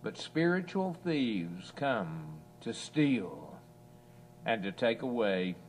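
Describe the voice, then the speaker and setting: Before a church assembly, a man delivers an evening sermon slowly and earnestly, his force building whenever he quotes scripture. His voice is lowish with big swings in pitch, and there's slight noise in the background.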